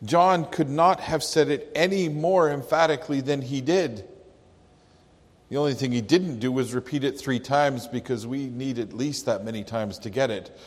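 A pastor preaching a sermon, slow and emphatic, leaning hard on key words. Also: male voice, mid-range voice. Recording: long hall reverb.

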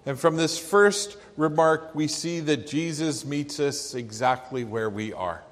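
A man preaching a sermon, in an earnest and reflective way. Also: on the high side. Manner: slow, earnest, reflective delivery. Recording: long hall reverb.

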